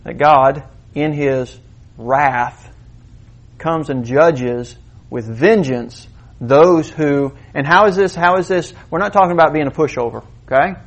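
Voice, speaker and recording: A middle-aged man delivers a lively sermon. His voice sits a little higher than most men's, and he talks to the congregation like a conversation, firing questions at them and checking they follow. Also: unhurried. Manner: conversational, animated preaching with direct questions to the congregation. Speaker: pastor.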